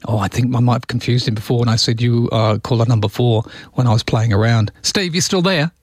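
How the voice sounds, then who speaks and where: Jovial talkback radio host. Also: male voice, mid-range voice, fairly quick, dry recording, clean studio sound. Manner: jovial, chatty, laughs easily. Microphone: studio microphone.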